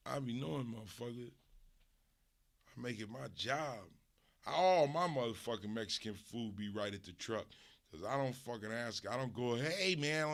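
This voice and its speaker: A man from the US West Coast, a streamer host, delivering a casual, profane, animated comedic rant. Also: medium pitch.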